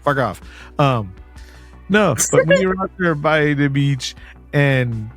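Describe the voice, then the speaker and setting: A man's voice: on the high side, lively intonation, slow, fairly bright tone, faint music behind. A man hosting a podcast in casual chat, teasing his co-host and breaking off to plug the show. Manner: joking, teasing, and plugging the show.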